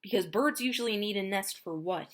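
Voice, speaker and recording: A woman reading a picture book aloud to children, explaining the story in an animated way. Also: medium pitch, brisk.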